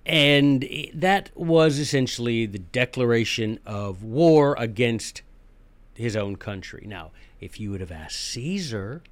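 Man, folksy history-podcast host, middle pitch, dry close sound. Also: animated, slow, no echo. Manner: folksy, joking, conversational. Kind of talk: casual history lecture.

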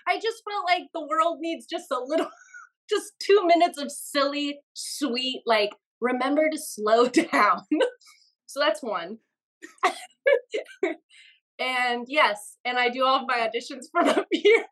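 A woman's voice: high-pitched, lively intonation, slow, fairly bright tone, poor audio. A young woman chatting as a podcast guest, laughing often and getting flustered. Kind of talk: casual interview chat. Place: home studio.

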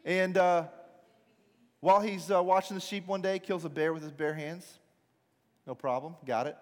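High-voiced pastor, casual storyteller. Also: male voice, normal speed. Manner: casual, animated storytelling with asides. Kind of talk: sermon. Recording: reverberant large hall.

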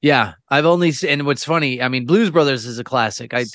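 A man's voice: medium pitch, a little fast, fairly bright tone, no echo. A man co-hosting a podcast in casual chat, rambling and trailing off as he talks. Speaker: podcast co-host.

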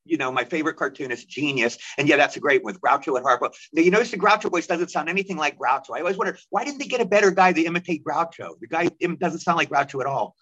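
A man telling stories as an interview guest, lively and quick, acting out the voices of the people he quotes. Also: a little high, low-quality recording. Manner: animated, rapid storyteller who acts out quoted voices. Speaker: guest actor. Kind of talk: storytelling interview.

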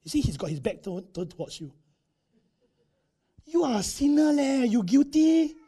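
A man's voice: very high voice, very animated, normal speed, warm tone, husky, voice pushed up, exaggerated voice. A man doing a sly taunting devil. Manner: needling, mocking local slang.

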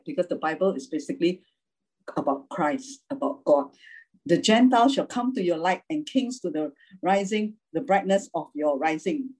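A woman's voice: deep voice, darkish tone, breathy edge, rough recording. A woman preaching an informal sermon, chatty, laughing often and checking in with the listeners as she goes.

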